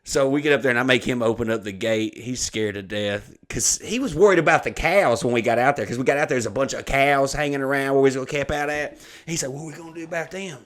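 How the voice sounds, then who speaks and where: A man's voice: mid-range voice, fast talker, few pauses. A man telling a rowdy story on a podcast, swearing freely and breaking into laughter. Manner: animated, swearing, bursts of laughter. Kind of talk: casual profane storytelling.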